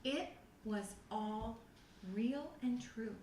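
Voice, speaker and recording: Middle-aged woman telling her story to a youth group, kinda high voice, roomy echo, sounds far from the mic. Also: extremely slow. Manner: animated storytelling, acts out her own past reactions. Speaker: testimony speaker at a youth group. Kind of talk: personal testimony talk. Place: church youth room. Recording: echoey room, voice from far off the mic, faint noise.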